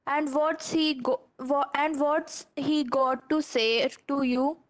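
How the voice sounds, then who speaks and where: A woman's voice: sits high, steady tone, takes it slowly. A young woman reading the part of a worried, strict mother in a class reading.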